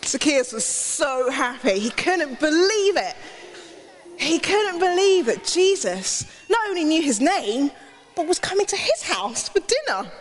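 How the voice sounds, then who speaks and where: A woman telling a lively Bible story to children, asking them questions as she goes. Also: high voice, unhurried, long reverb tail. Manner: animated, asks the children questions.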